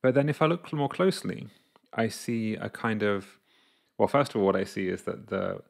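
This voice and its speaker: A man's voice: on the low side, expressive, normal speed, gravelly. A man talking casually to camera as a coach, explaining an idea through his own examples and acting out his inner voices. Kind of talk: casual reflective monologue to camera.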